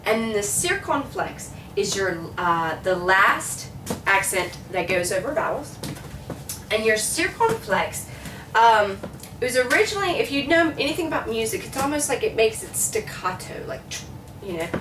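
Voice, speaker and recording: A woman's voice: a little high, big pitch swings, moderate pace, recorded from a distance, background noise. Woman teaching French in an echoey room. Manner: chatty, repeats words to model pronunciation. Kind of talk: classroom lecture.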